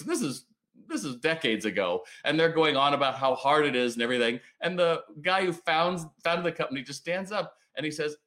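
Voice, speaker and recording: A man hosting a business livestream, ranting bluntly and swearing as he pushes retailers to plan and fight. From United States. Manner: blunt, fiery, swears, lively swings in pitch. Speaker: business coach livestream host. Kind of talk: ranting motivational livestream talk.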